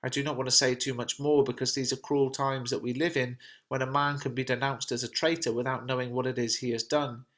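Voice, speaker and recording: A man's voice: mid-range voice, little pitch movement, a little fast, fairly bright tone, natural voice. A man reading an anxious, consoling nobleman. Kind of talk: reading a play translation aloud.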